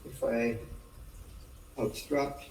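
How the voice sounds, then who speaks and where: A man teaching a live online class, explaining a demonstration at an unhurried pace with fillers, picked up by a microphone sitting on a table. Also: mid-range voice, fairly even intonation, vocal fry, a little mellow. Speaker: lecturer. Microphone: table mic. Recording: echoey room from far off, noisy.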